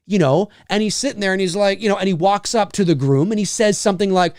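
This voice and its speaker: A man's voice: high voice, quick pace, hardly any pauses, dry recording, studio quality. A man hosting a podcast, ranting in a casual chat with lots of restarts. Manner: animated, ranting, many restarts. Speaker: podcast host.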